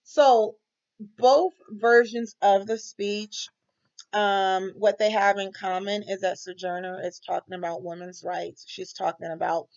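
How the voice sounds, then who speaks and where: A woman's voice: mid-range voice, steady tone, unhurried, darkish tone, muffled recording. A woman student recording a class reflection, talking hesitantly with many ums.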